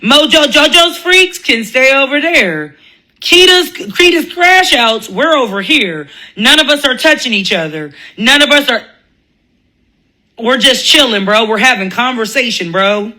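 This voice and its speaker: A woman's voice: sits high, expressive, unhurried, bright, forceful tone, low-quality recording. A woman ranting in a blunt, profane commentary monologue, laughing often and mocking other people's voices. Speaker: commentary vlogger.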